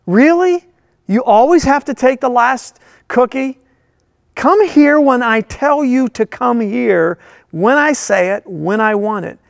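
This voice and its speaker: A man's voice: very high-pitched, expressive, takes it slowly, gravelly, no room sound, clean studio sound, pitched above the performer's own voice, heavily acted. A man doing a bossy, nagging relative. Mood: scolding. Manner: scolding, sarcastic. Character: bossy nagging family member at home.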